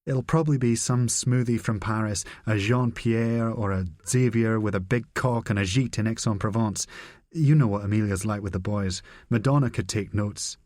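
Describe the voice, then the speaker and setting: A blunt senior spy chief , as a man reads him, speaks in a low, brusque voice. He is candid and profane in a dry, close audiobook recording. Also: normal speed, darkish tone, no room sound, close to an everyday voice.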